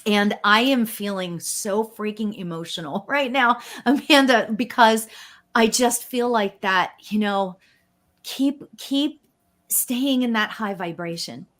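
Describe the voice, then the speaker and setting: A woman's voice: medium pitch, slow. Effusive woman medium giving readings. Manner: effusive, excited, emotional. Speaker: spiritual medium, guest co-host. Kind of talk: live-stream card reading.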